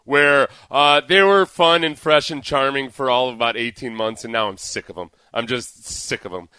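A man's voice: medium pitch, normal speed, pushed and bright, smooth, dry recording. A man co-hosting a sports radio show, wry and opinionated in casual chat.

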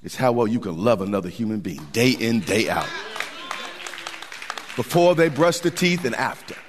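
A man preaching a sermon as pastor, animated and folksy, repeating words for emphasis. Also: fairly low pitch, normal speed, crowd noise, background noise. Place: church sanctuary. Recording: long hall reverb.

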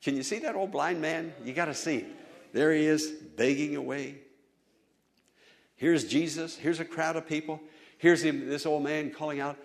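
A male pastor preaching a sermon, building to loud, fervent appeals to the congregation. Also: a little high, moderate pace, vocal fry.

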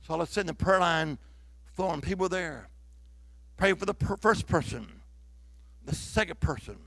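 High, gravelly preacher man. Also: expressive, normal speed, no echo. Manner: dramatic storytelling, swings from loud declaring to hushed whispers. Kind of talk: sermon. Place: church.

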